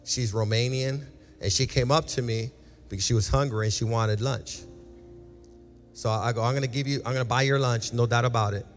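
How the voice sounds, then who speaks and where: A man's voice: medium pitch, fairly even intonation, a little fast. Passionate male pastor in an echoing hall. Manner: passionate, repetitive exhortation with acted quotes. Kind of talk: sermon with altar call. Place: large church sanctuary. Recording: reverberant church hall with music.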